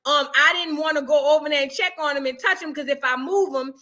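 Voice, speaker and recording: A woman's voice: sits high, fast talker, sharp tone. A woman voicing a brash, profane wife who calls an emergency line and rambles out blunt excuses. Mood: evasive.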